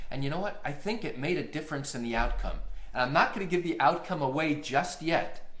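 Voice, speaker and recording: A man, a lawyer hosting a live stream, telling a courtroom story in a lively way and acting out the quotes. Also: medium pitch, reverberant.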